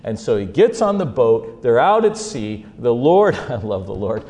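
A man giving an animated sermon, retelling Bible stories and swinging from quiet asides to loud, emphatic peaks. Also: medium pitch, normal speed, few pauses. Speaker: speaker teaching on faith and mental health.

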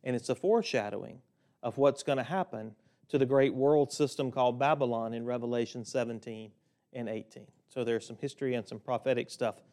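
A man's voice: mid-range voice, a little fast, mellow. A man giving a conversational sermon, teaching a Bible passage with casual asides. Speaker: preacher.

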